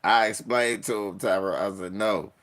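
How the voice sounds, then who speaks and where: With a voice on the low side at normal speed, a man in his forties chats casually on his podcast. He tells profane tales, laughs often, and performs the quoted characters with animated voices.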